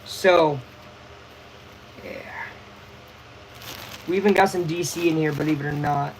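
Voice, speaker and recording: A young man hosting a casual live baseball watch-along, chatty and excitable, full of slang. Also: fairly high pitch, a little slow, a little hiss or hum, rough recording. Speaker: livestream host.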